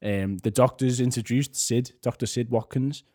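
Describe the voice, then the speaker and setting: A man co-hosting a podcast in casual chat, chatty and animated, laughing often. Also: medium pitch, normal speed, husky. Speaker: podcast co-host.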